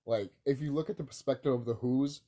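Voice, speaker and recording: Sleepy, rambling young man, dark husky voice. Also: medium pitch, a little fast. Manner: loose, rambling, lots of fillers and profanity. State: sleepy, woken early. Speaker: vlogger. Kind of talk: rambling casual monologue. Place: home, early morning.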